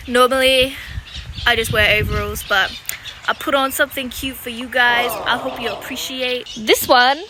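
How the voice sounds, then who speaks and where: Young woman, British accent, casual vlog, chatty and cooing, outdoor farm noise behind. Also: moderate pace. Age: young adult. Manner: chatty, coos at animals in a high sing-song voice. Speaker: vlogger. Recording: noisy outdoor audio with animal sounds.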